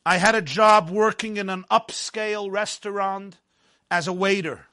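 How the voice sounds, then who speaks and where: A man narrating a first-person story in a measured, dramatic way, dropping into quiet stretches. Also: high voice.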